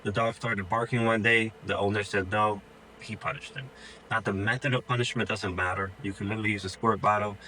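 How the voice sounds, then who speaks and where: Speaking fairly quickly in a fairly low, pushed, bright voice with fairly even intonation, this man is a dog trainer chatting tips to the viewer. He says "dude" and "like" constantly and voices the dog's thoughts in a loose, informal way. Audio is poor, with some hiss or hum.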